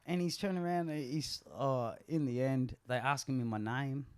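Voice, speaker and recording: A man's voice: mid-range voice, unhurried, a little mellow, clear, resonant tone. A man, a podcast guest, telling a story in casual chat, blunt and swearing freely, with many restarts.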